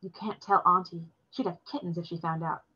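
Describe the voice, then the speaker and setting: A woman's voice: medium pitch, expressive, normal speed, pushed and bright. A woman voicing a stubborn, lofty American girl who talks with teasing confidence, on a dull lo-fi recording. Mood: conspiratorial.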